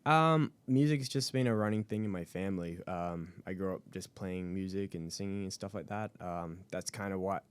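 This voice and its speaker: A man's voice: sits low, normal speed, few pauses, smooth. A young Australian man with an Australian accent, a guest talking casually in an interview with many ums and uhs. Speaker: guest actor.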